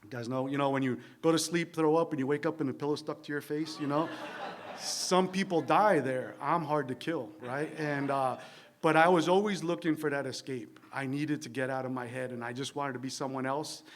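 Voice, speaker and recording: A man's voice: a little high, fairly quick. Candid, rambling man sharing his story. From New Jersey. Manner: candid, self-deprecating, wry humor; rambling with fillers and tag questions. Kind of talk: recovery meeting share, conversational monologue. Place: church meeting room.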